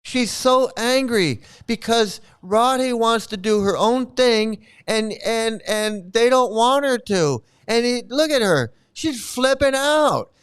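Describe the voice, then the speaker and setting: High-pitched, clear-voiced man ranting. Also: lively intonation, takes it slowly, few pauses, a bit bright. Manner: ranting, mocking, scornful. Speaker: commentary host. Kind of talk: reaction commentary on a replayed stream.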